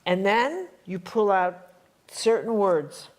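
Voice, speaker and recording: Woman from chicago teaching a workshop, blunt, says everything twice so it sticks, normal pitch. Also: lively intonation, takes it slowly. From Chicago area. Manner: emphatic, repeats lines for punch, blunt and streetwise. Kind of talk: live spiritual workshop talk. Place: workshop hall with an audience.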